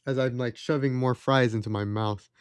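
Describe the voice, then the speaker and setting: A man's voice: mid-range voice, fairly even intonation, moderate pace, smooth, no room sound. A young man streaming live, casually telling a story in a sarcastic, exasperated, slangy way. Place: home streaming setup.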